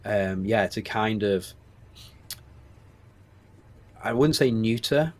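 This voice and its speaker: Speaking slowly at a fairly low pitch, a forty-something screenwriter and producer from England shares candid, reflective thoughts as an interview guest. His Stoke-on-Trent accent comes through, and he hesitates with frequent restarts.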